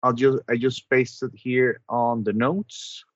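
A man narrating as game master of a tabletop game over an online call, measured and hesitant, with frequent ums. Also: medium pitch, flat delivery, no room sound, dull audio.

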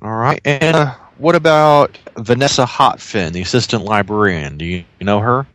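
A man's voice: mid-range voice, normal speed, fairly bright tone, no room sound. A man playing a tabletop game as an investigator, talking playfully and correcting himself often. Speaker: player.

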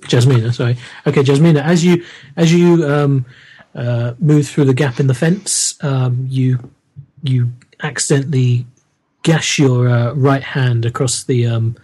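A man's voice: medium pitch, fairly even intonation, a little slow, dark tone, slightly rough. A man as game master, narrating a tabletop horror game in a hesitant, descriptive way with many fillers.

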